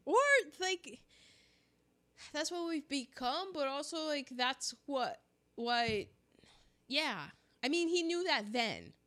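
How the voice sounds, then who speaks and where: Lively, unhurried woman co-host. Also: high voice. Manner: expressive, thinks aloud with restarts. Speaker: podcast co-host. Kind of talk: casual chat.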